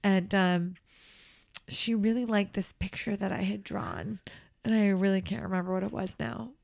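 A woman who works as a nanny, co-hosting a podcast in casual chat, earnest and animated. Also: medium pitch, normal speed, gravelly. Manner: warm, earnest, animated storytelling with laughs.

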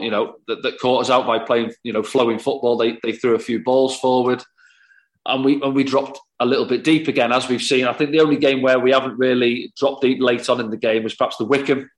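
A former footballer as a podcast guest, analysing a match in long talkative runs with frequent restarts. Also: male voice, medium pitch. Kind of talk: casual podcast chat.

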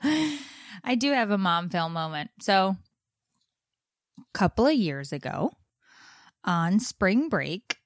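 Animated woman telling a story. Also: mid-range voice, slow pace, pauses often, no echo, studio quality. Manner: animated storyteller, acts out her own shouting. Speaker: podcast co-host. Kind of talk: casual chat, storytelling.

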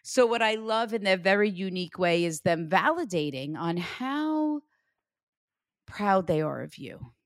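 A woman working as a psychic medium, chatting casually and acting out what she hears, with lively jumps in her voice. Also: no echo, studio quality. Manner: animated, acts out quoted spirits with big pitch jumps and laughter. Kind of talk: casual reading with a caller.

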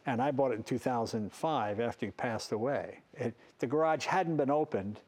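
A man's voice: medium pitch, normal speed, a little mellow. An older man, a talk show host, telling funny anecdotes in a big garage and acting out the voices in his stories. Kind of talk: storytelling anecdotes. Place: large car garage.

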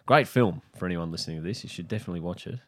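A man's voice: low-pitched, racing. A middle-aged Australian man in a laid-back, joking casual chat.

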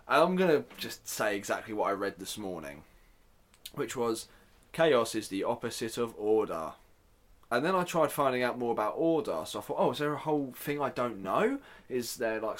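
A man's voice: medium pitch, animated, normal speed. A man hosting a casual solo podcast, chatty and self-deprecating, with joking asides. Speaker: podcast host.

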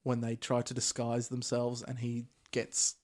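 Podcast host, man, mid-pitched, easygoing recap delivery. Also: unhurried. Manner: recaps plot in a relaxed, chatty way with Australian slang. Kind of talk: casual movie recap chat.

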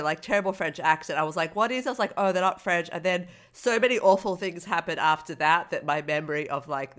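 A woman in casual chat reviewing a film with a co-host, animated and often laughing, with exaggerated mock-outraged retellings. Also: lowish voice. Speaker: podcast co-host.

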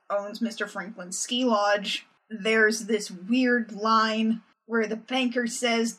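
A young adult woman co-hosting a podcast, recapping a cartoon episode in a wry, animated, casual way. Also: mid-range voice. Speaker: podcast co-host.

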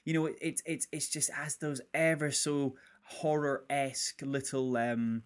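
Man, podcast co-host, casual chat, rambling, stumbling restarts, mid-pitched. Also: level tone, measured pace, smooth. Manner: rambling, stumbling restarts, swears, laughs often. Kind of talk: casual film review chat.

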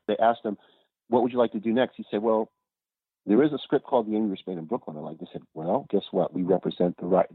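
A low-voiced man with a husky edge tells his stories with life, jumping into other people's voices for the quotes. The sound is tinny and narrow, like a phone line, and very dry. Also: dry recording. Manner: animated storyteller, acts out quotes. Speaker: podcast guest. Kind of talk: casual storytelling.

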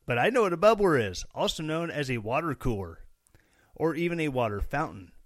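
A man's voice: fairly high pitch, sing-song, brisk, no echo, studio quality. Joking, rambling male podcast host. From Missouri, USA. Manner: rambling, joking, sarcastic asides. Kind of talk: casual solo podcast talk.

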